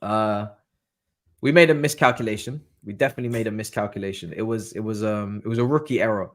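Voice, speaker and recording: A man telling a story as a guest in a casual chat, slangy and animated. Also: quick pace. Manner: animated, slangy storyteller with lively pitch swings. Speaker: podcast guest.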